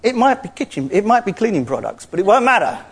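A man preaching a sermon in an animated, playful way, acting out little dialogues as he teaches. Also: sits high, fast talker, breathy edge.

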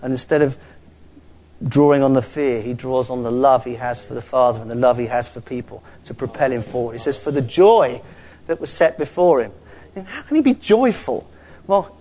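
A man preaching a sermon, swinging between quiet asides and rising exclamations. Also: mid-range voice.

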